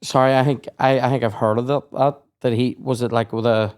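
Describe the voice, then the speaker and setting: A man's voice: mid-range voice, fairly even intonation, brisk, clean tone. A young man, hosting a podcast and telling sweary school stories in casual chat. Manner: sweary storytelling, acts out shouted quotes. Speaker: podcast host.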